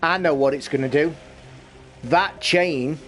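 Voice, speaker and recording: A middle-aged man, livestreaming a game while ranting and shouting over a football match. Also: a little high, measured pace, soft background music. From England. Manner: excitable and sweary, shouting at football. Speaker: gaming streamer. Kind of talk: live stream commentary while gaming and watching football.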